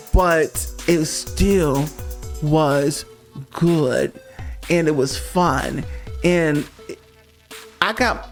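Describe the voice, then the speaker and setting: Sassy, emphatic male music reviewer. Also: a little high. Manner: sassy, emphatic, talks straight to the viewer. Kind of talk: casual opinionated monologue.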